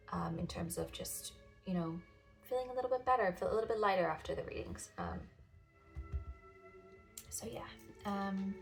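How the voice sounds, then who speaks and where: A woman giving a casual tarot reading, hesitant with many ums, and she has the hiccups. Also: fairly low pitch. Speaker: tarot reader. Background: classical music.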